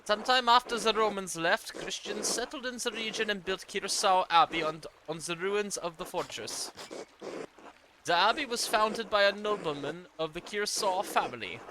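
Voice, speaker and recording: Gamer doing a pious German-accented cleric, higher-pitched voice, noisy home recording. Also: male voice, normal speed, lightly acted. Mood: solemn. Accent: German, put on. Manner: solemn, formal reading. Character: stern devout male churchman writing a letter.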